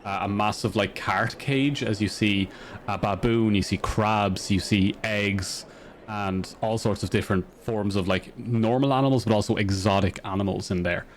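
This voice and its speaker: A man running a tabletop game as dungeon master, rambling with lots of fillers and quick laughs. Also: lowish voice, fairly even intonation, a little hiss or hum.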